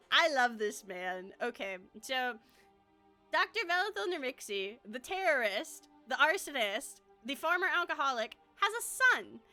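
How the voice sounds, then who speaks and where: A woman's voice: high voice, pushed and bright. A woman streamer chatting casually about her own characters, rambling with lots of fillers and frequent laughter.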